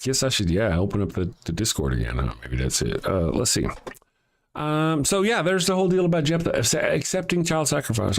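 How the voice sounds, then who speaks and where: A male host reads scripture on a live stream and keeps breaking off into sarcastic, mocking commentary. His voice sits at a middling pitch but swoops up and down, full of animated inflection. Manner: sarcastic, mocking asides with a lively swooping delivery.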